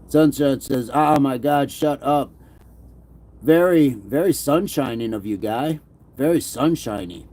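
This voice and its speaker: He's a middle-aged livestream host with a mid-range, dark-toned voice, speaking unhurriedly and leaving long pauses. The stream is casual: he reads chat comments, cracks jokes, and occasionally slips into a mock movie-gangster voice.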